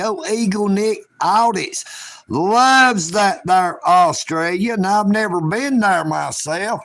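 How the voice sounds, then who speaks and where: A man hosting a casual livestream, talking in a folksy, joking way. His voice is a little high and full of gravelly fry, and he takes his time over every word. The sound is dry and close. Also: animated, takes it slowly, a bit bright, no echo. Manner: folksy, rambling, joking drawl. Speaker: livestream host.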